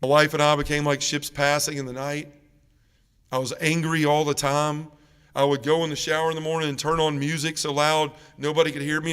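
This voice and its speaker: Guy telling his story at a church mission, kinda high voice, big echoey church reverb. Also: smooth. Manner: emotional storytelling, rising loud when reliving arguments. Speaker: parish mission speaker. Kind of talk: personal testimony talk.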